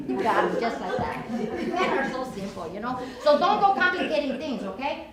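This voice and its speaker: A woman's voice: sits high, sing-song, normal speed, hardly any pauses, a loud crowd. Brassy middle-aged woman on stage. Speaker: solo comedian. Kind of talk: one-woman stage monologue. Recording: roomy live stage, audible noise.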